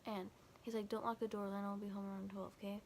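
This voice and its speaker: Flat, gravelly young woman telling a story. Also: medium pitch, fast talker, a little hiss or hum. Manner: quotes texts with constant "I was like", "he's like"; rambling, filler-heavy, frequent restarts. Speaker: vlogger. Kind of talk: casual storytime retelling.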